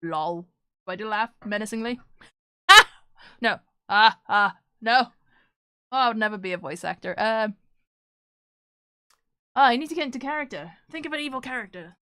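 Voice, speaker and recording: A woman's voice: on the high side, animated, brisk, pauses often, a bit bright, clear, resonant tone, dry recording, studio quality. A woman streamer chatting casually with her live chat while she draws, joking and self-deprecating.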